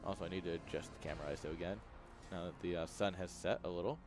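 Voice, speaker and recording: This esports caster talks fast in a low voice with fairly even intonation, music playing under him. He's live from his home webcam setup, commentating a strategy game, chatting, laughing a lot, and addressing his chat straight on.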